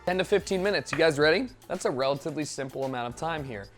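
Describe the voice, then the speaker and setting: A young man streaming himself cooking, chatting casually in a joking, profane, rambling way with sudden loud outbursts. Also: fairly high pitch, lively intonation, fast, soft background music. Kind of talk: casual live-stream chat while cooking.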